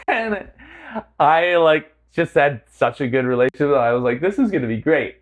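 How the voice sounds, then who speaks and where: A man's voice: a little high, normal speed, highs cut off. A man hosting a podcast, telling a story in casual chat and acting out the quotes as he laughs. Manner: animated, acts out quotes, laughs often. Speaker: podcast host.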